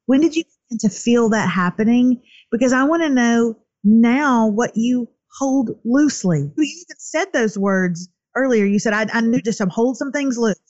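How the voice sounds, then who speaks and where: A woman's voice: a little high, expressive, normal speed, few pauses, no room sound, lo-fi sound. A woman hosting an interview, responding appreciatively and quoting from the guest's book. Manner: warmly appreciative, reads quotes aloud from a book. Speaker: host.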